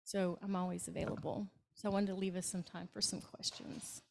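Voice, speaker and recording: A woman's voice: lowish voice, level tone, a little fast, gravelly, slight background noise. Southern woman telling hospice stories. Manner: warm anecdotal storytelling with acted quotes. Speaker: hospice nurse speaker. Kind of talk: storytelling talk to a club. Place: meeting room, hybrid meeting.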